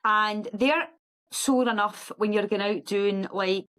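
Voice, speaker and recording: A middle-aged woman, a guest on a podcast, telling a story in a lively, animated way and acting out other people's voices. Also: takes it slowly, poor audio. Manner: lively, acts out quoted voices in a high sing-song. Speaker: guest ultra runner.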